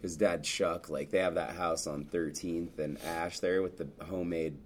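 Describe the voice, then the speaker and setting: A laid-back podcast host with a very deep, husky voice. He chats loosely and swears without a second thought. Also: fairly even intonation, normal speed. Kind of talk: casual chat.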